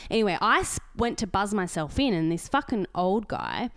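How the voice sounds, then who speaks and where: A woman's voice: medium pitch, normal speed, no room sound, studio quality. A young Australian woman co-hosting a podcast, telling a story in casual chat and acting out the people in it. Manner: animated storytelling, acts out quoted voices. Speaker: podcast co-host.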